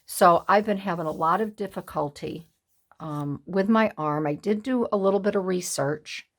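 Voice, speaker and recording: A woman in her sixties chatting to camera as a craft vlogger, halting and upset, with many pauses and restarts. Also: on the low side. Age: 60s. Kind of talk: casual chat to camera.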